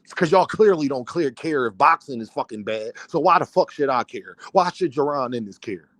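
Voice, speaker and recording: A man's voice: mid-range voice, animated, fairly quick, a bit bright, no echo. A man, a boxing content creator, ranting on a livestream, angry, profane and heated. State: worked up and fuming. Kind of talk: livestream rant.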